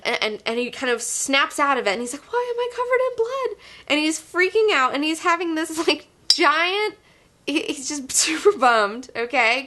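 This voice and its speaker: A young woman hosts her own comic book review show, rambling happily and swearing freely as she gushes about her favorites. Her voice is bright and pitched a little high. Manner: gushing, profane, rambling with fillers. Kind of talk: casual enthusiastic review monologue.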